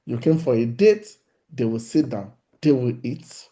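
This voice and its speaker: A man's voice: medium pitch, lively intonation, unhurried, warm tone. A middle-aged man, teaching on relationships in a sermon, animatedly acting out little conversations. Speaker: pastor.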